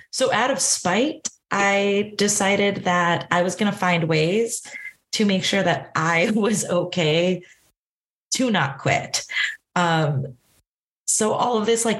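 A woman's voice: fairly low pitch, slow pace. A young woman in her twenties from Southern California, a band director telling stories in a casual interview, laughing often. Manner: laughs often, animated storytelling with acted quotes.

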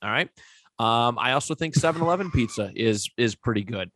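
A man's voice: medium pitch, animated, fairly quick, a bit bright, no echo. A man co-hosting a wrestling podcast, chatting in an easygoing way with fillers. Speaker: podcast co-host. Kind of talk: casual wrestling podcast chat.

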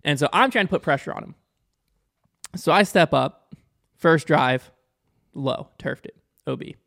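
Young man with a slightly high voice, telling a story. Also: vocal fry. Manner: animated, quick, acts out quotes. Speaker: podcast guest or host, disc golfer. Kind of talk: casual storytelling.

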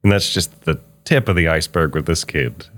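A man in casual chat who teases his friend and chuckles through quick interjections. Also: a bass voice, fairly bright tone.

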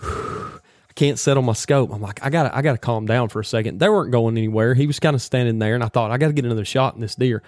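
A man telling a hunting story in a casual, animated way, full of folksy slang. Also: medium pitch, fast, no room sound.

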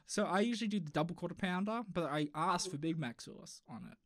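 A man's voice: sits high, fast talker, no echo, studio quality. A young man co-hosting a podcast in casual, joking, rambling chat. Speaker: podcast co-host.

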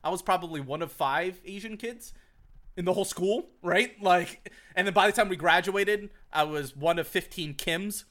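A young man from Virginia co-hosting a podcast, telling stories in an animated, profane, laugh-filled casual chat. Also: high voice, moderate pace. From Virginia, USA. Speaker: podcast co-host. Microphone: podcast mic on a group call.

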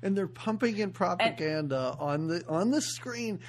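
A woman's voice: on the low side, lively intonation, normal speed. Jokey woman podcast co-host. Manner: laughing, jokey retelling with acted-out quotes. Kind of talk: casual movie recap chat.

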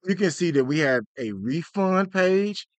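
A man's voice: high-pitched, unhurried, no room sound. A man co-hosting a podcast in casual, slangy chat, playing out little skits as he talks. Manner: animated, slangy, plays out skits. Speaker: podcast co-host.

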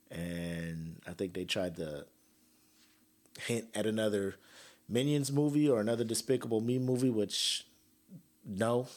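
A young man hosting a podcast, ranting casually with slang, swearing and sarcasm. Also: fairly low pitch. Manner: profane, animated, sarcastic, slangy. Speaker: podcast host.

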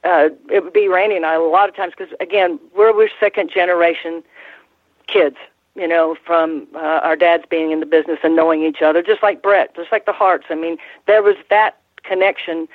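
An older woman, a former ring announcer, telling stories in an interview, halting with many restarts and fillers. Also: on the low side, steady tone, no echo. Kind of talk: casual interview storytelling. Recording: tinny phone-line sound, dry.

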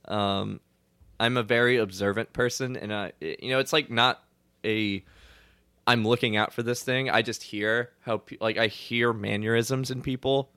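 A man's voice: mid-range voice, fairly even intonation, normal speed, pushed and bright, smooth, no echo. A young man from Louisiana co-hosting a podcast, chatting casually with a laid-back manner, swearing and laughing often. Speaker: podcast co-host. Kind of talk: casual chat.

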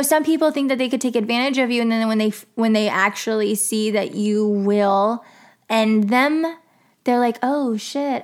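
A young woman telling a story about an old job in a casual, chatty way, full of "like" and swearing. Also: a little high. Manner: chatty, lots of "like" and "you know", swears freely. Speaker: vlogger telling a work story.

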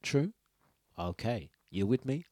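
Slow and a little mellow, this man's medium-pitched, sing-song voice comes through clean studio sound with no room echo. He's hosting a breakfast radio show, chatting playfully with listeners, laughing often and singing out his announcements over faint music.

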